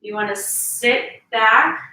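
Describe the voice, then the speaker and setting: Woman fitness instructor, slightly high voice, coaching reps, recorded from a distance in an echoey room. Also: animated, slow pace, bright, forceful tone. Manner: coaching, counts reps, urges squeezing. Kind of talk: workout instruction.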